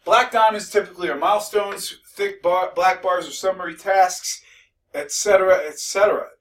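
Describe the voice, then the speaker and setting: A man's voice: sits high, steady tone, moderate pace, fairly bright tone, distant mic, rough recording. A male instructor giving a recorded lecture, conversational and mildly sarcastic, with frequent restarts.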